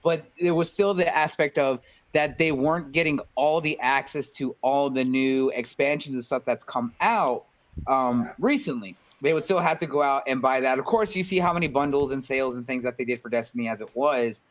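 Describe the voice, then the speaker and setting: A man on a casual gaming podcast giving his take in a measured, hesitant way with plenty of ums. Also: mid-range voice, rough recording.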